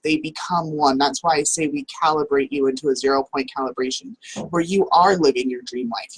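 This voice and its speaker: A woman's voice: low-pitched, slightly rough, low-quality recording. A woman hosting a casual talk from home, chatty and full of "like" fillers. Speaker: host.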